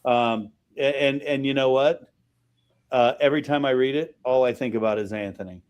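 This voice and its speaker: A man's voice: mid-range voice, moderate pace, smooth, muffled recording. A middle-aged man, a chef hosting the show, chatting casually, cursing freely and laughing as he acts out quotes. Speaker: chef and host. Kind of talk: casual chat.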